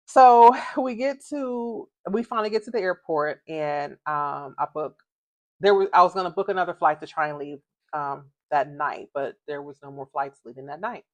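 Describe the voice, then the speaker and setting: Woman, middle-aged, casual storytime, animated, laughing, dry close mic. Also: on the low side, moderate pace, no echo, highs cut off. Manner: animated, laughing, acts out quoted voices. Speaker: vlogger telling a story.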